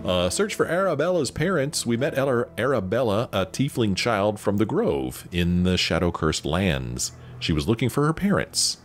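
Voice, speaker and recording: Reading dialogue options aloud during casual game commentary, a man speaks in a sing-song voice on the low side, at normal speed with hardly any pauses. Faint game music sits behind him.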